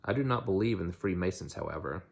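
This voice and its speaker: A man reading aloud and voicing a cynical army major who speaks in flat, blunt statements. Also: deep voice, quick pace, vocal fry, slightly rough, exaggerated voice.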